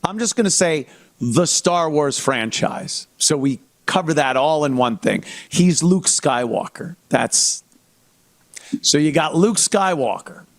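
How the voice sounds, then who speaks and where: A man's voice: fairly high pitch, animated, slow. A man hosting a comedy show, ranting with a lot of profanity in a mocking tone. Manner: mocking, swearing, acts out fan voices. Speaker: comedy podcast host.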